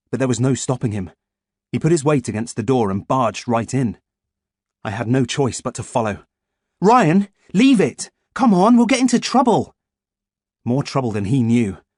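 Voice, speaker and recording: A man reading an audiobook as first-person scripted narration, in a lively, expressive way. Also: medium pitch, husky, no room sound, studio quality.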